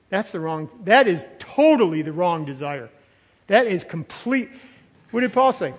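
High-voiced older preacher in a reverberant hall. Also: male voice, lively intonation, moderate pace. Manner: emphatic preaching, stretching key words, swings from loud to soft. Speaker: pastor. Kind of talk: sermon.

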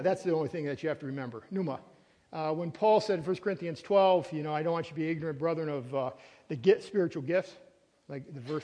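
A man's voice: sits high, darkish tone. A man preaching a sermon as pastor, earnest and emphatic, repeating key words. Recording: reverberant hall, long echo.

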